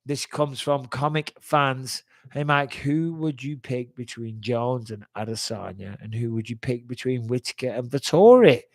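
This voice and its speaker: A man in his forties hosts a live fan chat, reading fan questions aloud and answering bluntly and chattily while swearing freely. He sounds like he's recovering from a cold-like illness, and his mid-range voice is a little slow.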